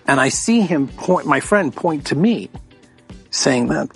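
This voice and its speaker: Gravelly man telling a story. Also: fairly high pitch, a little slow, soft background music. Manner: animated storyteller, quoting others. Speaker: guest actor. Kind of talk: telling a personal anecdote.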